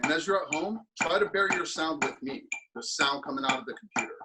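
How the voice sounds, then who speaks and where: A man teaching percussion in an instructional clinic, counting beats aloud and explaining practice habits in a relaxed, thinking-aloud way full of fillers. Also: a little high, quick pace. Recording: steady ticking and tapping noise under the voice.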